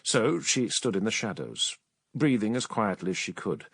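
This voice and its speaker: A man narrating a science-fiction story as an audiobook reader, dramatic and urgent in action, hushed in calmer passages. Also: on the low side, normal speed, vocal fry, slightly rough, dry recording. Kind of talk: scripted narration.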